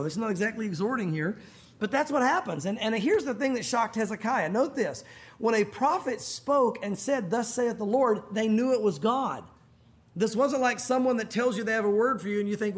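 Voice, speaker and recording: Male pastor, high voice, sermon in church, chatty retelling of scripture. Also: brisk. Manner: conversational, acts out biblical dialogue in casual modern speech. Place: church sanctuary.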